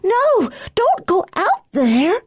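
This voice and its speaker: Woman voicing Delilah, a high, tearful, panicked girl. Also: huge pitch swings, very slow, no echo, studio quality, full character voice. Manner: high trembling breathless pleading. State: crying. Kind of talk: audiobook character voice.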